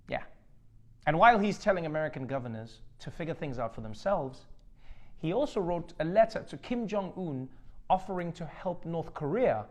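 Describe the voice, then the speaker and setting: Comedy news host: a man with a slightly high voice, sarcastic punchlines. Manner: joking, sarcastic delivery with acted-out bits. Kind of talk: satirical news monologue.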